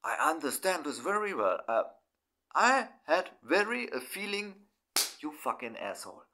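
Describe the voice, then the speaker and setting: A middle-aged German man speaking in halting, broken English. He talks through his feelings in a personal monologue and swears often. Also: on the high side, very animated, bright, forceful tone. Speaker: vlogger.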